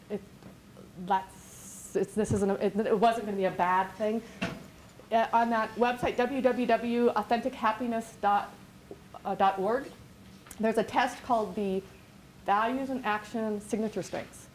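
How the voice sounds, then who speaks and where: A woman's voice: medium pitch, steady tone, a little slow, darkish tone, a little hiss or hum. A woman business coach giving a workshop talk in a chatty, rambling way, full of restarts and quoted asides. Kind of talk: workshop presentation. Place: classroom.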